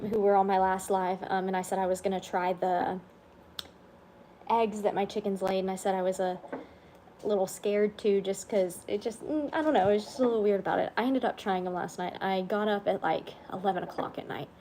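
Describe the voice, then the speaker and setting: On a casual livestream, a vlogger who is tired and under the weather rambles, yawns, and drops soft-spoken asides. Her medium-pitched voice is brisk with fairly even intonation, and there's a little hiss or hum in the audio.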